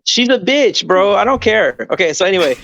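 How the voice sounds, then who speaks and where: A young man spins a long story in loose podcast chat, his voice sitting fairly high. He rambles and keeps checking that his friends are following. The recording sounds dull and lo-fi. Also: animated, fairly quick, a bit bright. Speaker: podcast co-host. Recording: dull lo-fi audio.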